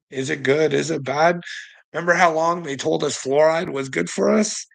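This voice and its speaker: A man's voice: fairly high pitch, unhurried, vocal fry, low-quality recording. A man ranting in a rambling monologue, mocking and profane, laughing often between lines. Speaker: vlogger.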